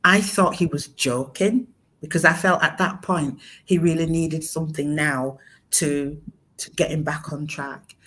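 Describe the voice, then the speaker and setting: A middle-aged woman telling a personal story in conversation, halting, with many fillers and restarts. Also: low voice, fairly even intonation, a bit bright. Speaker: guest, mother of a son with mental illness.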